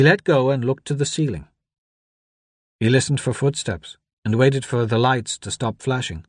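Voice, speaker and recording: A man reading an audiobook in steady, measured scripted narration. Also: medium pitch, no echo, clean studio sound.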